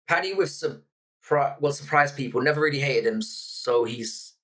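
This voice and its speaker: A man's voice: mid-range voice, lively intonation, normal speed, fairly bright tone. A man hosting a casual livestream, chatting bluntly and swearing as he answers viewers. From United Kingdom. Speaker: livestream host. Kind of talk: casual live chat reading comments. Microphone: desk microphone.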